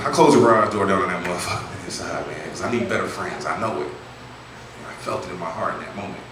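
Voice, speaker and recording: A man doing a stand-up comedy set, telling a profane, slangy story and acting out his friends' voices. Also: low-pitched. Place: comedy club stage. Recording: echoey room from far off, noisy.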